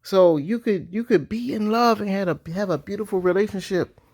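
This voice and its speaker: Slangy man riffing on marriage. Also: brisk. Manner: animated, slangy, jumps into high-pitched mock voices. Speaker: vlogger. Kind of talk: casual commentary.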